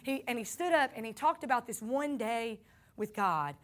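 High-voiced Southern woman telling her story. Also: animated, moderate pace, a bit bright. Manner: earnest, addresses listeners as y'all. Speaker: speaker sharing a faith testimony. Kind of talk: personal storytelling testimony.

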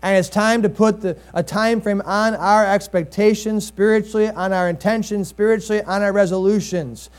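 A man's voice: sits high, steady tone, moderate pace, few pauses. A man preaching a sermon in a conversational way, rising into emphatic bursts and reading scripture with drama.

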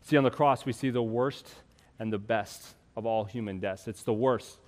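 A man preaching a sermon as pastor, building to loud, impassioned peaks and dropping to soft, slow passages. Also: fairly low pitch, in a large hall. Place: church.

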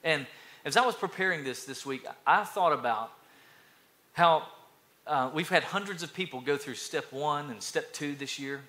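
High, bright-voiced preaching man. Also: moderate pace. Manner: energetic preaching with repetitions and storytelling. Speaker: pastor. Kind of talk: sermon.

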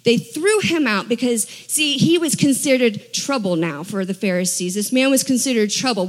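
A woman delivers a sermon in a lively, conversational way, acting out the voices of the people in her story. Her voice sits a little high, and a long reverb trails behind it, as in a large hall. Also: normal speed, hardly any pauses. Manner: conversational, animated preaching with quoted voices. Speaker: preacher.

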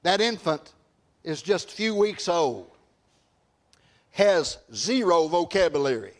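High-voiced man preaching emphatically. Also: lively intonation, slow pace. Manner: emphatic folksy preaching, repeats phrases, rises to shouts. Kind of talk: evening sermon to a congregation. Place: church service before a congregation.

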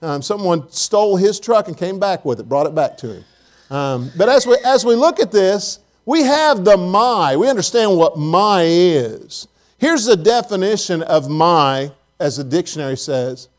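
A man's voice: high voice, sing-song, unhurried. A man preaching a sermon in church, telling folksy stories and asking the congregation questions. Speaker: pastor.

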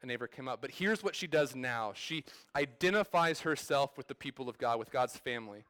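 A man's voice: medium pitch, lively intonation, normal speed, a bit bright, dry recording. A man in his thirties preaching a sermon as pastor, in a conversational way that restarts and repeats words.

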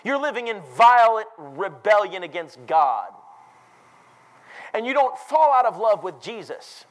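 High-pitched man preaching a sermon. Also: very animated, unhurried, poor audio. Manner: emphatic preaching, rising to loud declarations.

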